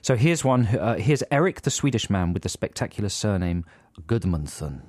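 A man co-hosting a radio show, bantering casually and cracking dry, deadpan jokes. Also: fairly low pitch, normal speed, dry recording.

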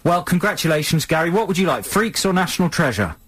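A man's voice: a little high, sing-song, fast, a bit bright, slightly rough. A man co-hosting a comedic radio show, joking playfully with callers. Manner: playful, jokey, interrupts often. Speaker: radio host.

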